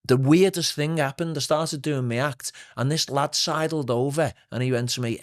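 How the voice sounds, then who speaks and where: A middle-aged man with a Liverpool accent, a swing singer telling lively anecdotes as a podcast guest. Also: on the high side, normal speed, hardly any pauses. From Liverpool, England. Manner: animated anecdotes with put-on voices and laughs. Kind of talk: casual storytelling chat.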